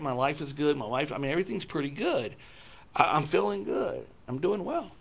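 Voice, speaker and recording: A man telling a self-deprecating personal testimony to a church group, acting out his own thoughts in lively voices. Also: a little high, brisk, gravelly. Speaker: speaker sharing a personal testimony.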